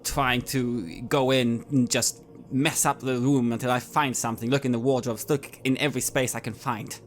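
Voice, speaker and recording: A man's voice: mid-range voice, steady tone, normal speed, slight background noise. A man playing in a tabletop game, stating his character's actions plainly. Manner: plain, decisive statements of action. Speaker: player.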